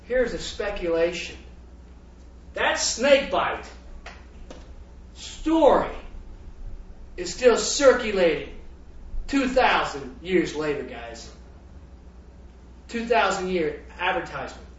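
A man preaching a sermon, animated and laughing, throwing rhetorical questions at his congregation. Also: sits high, slow pace, pauses often. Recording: roomy, dull, distant from the mic.

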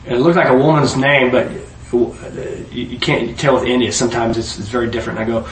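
A man preaching a sermon, telling stories and jokes, rising loud to drive points home, then dropping low. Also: fairly quick. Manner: lively storyteller, rises loud to preach then drops low. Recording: echoey room heard from a distance.

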